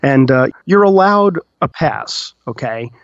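A man's voice: medium pitch, lively intonation, slow, dry recording. A man, a dog groomer hosting a podcast, telling a story in rambling casual chat with lots of "you know". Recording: dull lo-fi, dry.

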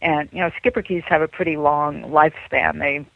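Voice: mid-range voice, normal speed, gravelly, no echo. Older caller on a tinny phone line. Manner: warm, agreeable, rambling with many fillers. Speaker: call-in listener. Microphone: telephone.

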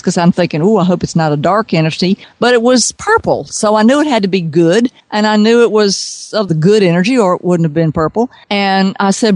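A woman's voice: mid-range voice, no room sound. A woman working as an intuitive consultant, telling a story with animation and acting out the voices in it. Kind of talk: storytelling on a radio podcast.

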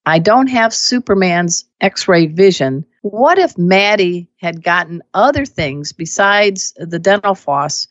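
A woman who teaches pet first aid, telling stories and giving emphatic advice in a casual, animated way. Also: lowish voice, takes it slowly, few pauses, no room sound. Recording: dull lo-fi dry audio.

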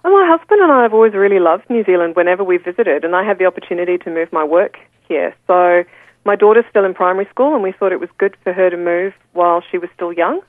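An Australian woman speaking as a radio guest over a phone line, friendly and quick. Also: fairly low pitch, expressive, dry recording. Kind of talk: casual interview on phone.

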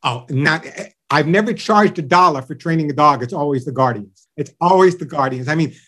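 A middle-aged man talks about dogs as an interview guest, full of enthusiasm. His voice sits a little higher than most men's, and he acts out pet owners and their dogs as he goes. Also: a little fast. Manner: animated storyteller acting out owners and dogs. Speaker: pet show radio host and dog trainer, guest.

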